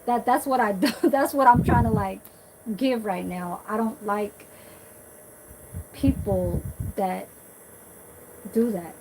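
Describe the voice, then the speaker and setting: A woman's voice: mid-range voice, slow pace, long pauses, darkish tone, a little hiss or hum, low-quality recording. A woman vlogger talking in a blunt, profane, rambling way, full of fillers and restarts. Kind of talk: casual rambling monologue.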